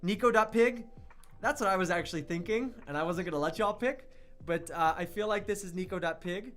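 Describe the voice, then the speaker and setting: A young man hosting an online radio livestream, chatty and excitable, reading viewer chat and hyping an upcoming release. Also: high-pitched, brisk, soft background music. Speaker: online radio show host.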